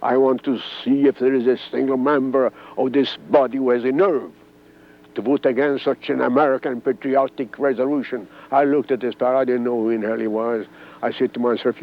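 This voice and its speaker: A man's voice: mid-range voice, steady tone, fairly quick. An older man from Corsica, a former congressman, telling his own story in an oral history interview and acting out the dialogue he quotes. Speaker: former congressman recalling events. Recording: dull archival interview tape.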